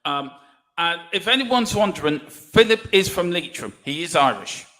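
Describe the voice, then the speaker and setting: A man co-hosting a casual sports livestream, jokey and energetic, with a sore throat. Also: on the high side, normal speed. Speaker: livestream co-host.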